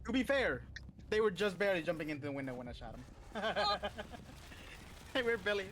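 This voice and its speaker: Male co-player, high voice, quick profane callouts. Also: animated, a bit bright, a little hiss or hum. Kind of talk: casual gaming chat.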